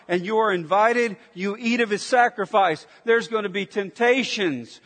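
A man's high, bright preaching voice rings out through a large hall with a long tail of reverb. He delivers a sermon with emphatic weight. He sinks into hushed, near-whispered intensity, then presses forward with forceful declarations.

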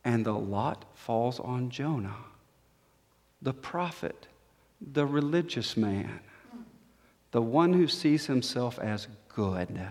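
A man's voice: mid-range voice, lively intonation, slow, pauses often, darkish tone. A man preaching an expository sermon and reading scripture aloud, emphatic, his voice climbing on the quoted questions. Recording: long reverb of a large hall.

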